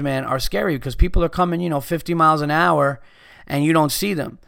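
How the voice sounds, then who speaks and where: A man's voice: a little high, fairly quick, creaky, fairly bright tone, clean tone, dry recording, clean studio sound. A man hosting a podcast, ranting in a casual, exasperated and profane way. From United States. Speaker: podcast host.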